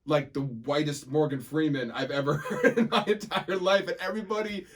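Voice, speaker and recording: A man's voice: a little high, moderate pace, fairly bright tone. A young man hosting a podcast, chatting casually, laughing a lot and swearing freely. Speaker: podcast host. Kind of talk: casual chat.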